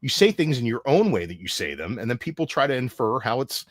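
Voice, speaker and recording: A man hosting a casual live stream chat, swearing freely and telling stories in an animated way. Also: medium pitch, fairly quick, no room sound, clean studio sound. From United States. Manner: profane, ranting, animated storytelling. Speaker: show host.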